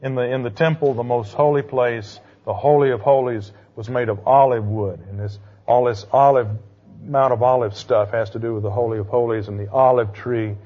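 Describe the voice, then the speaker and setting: A man's voice: mid-range voice, steady tone, moderate pace. Man lecturing a class, dull recording. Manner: conversational, quizzing the class with questions.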